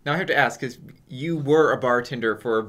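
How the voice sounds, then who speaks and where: A young man co-hosting a casual podcast, dropping wry, quick joking remarks into the chat. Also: mid-range voice, a bit bright. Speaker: podcast co-host.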